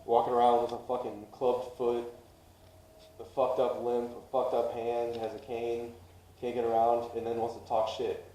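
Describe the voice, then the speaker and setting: Man, podcast co-host, casual profane storytelling, dark voice, echoey room, off-mic. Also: mid-range voice, completely flat delivery, normal speed, slight background noise.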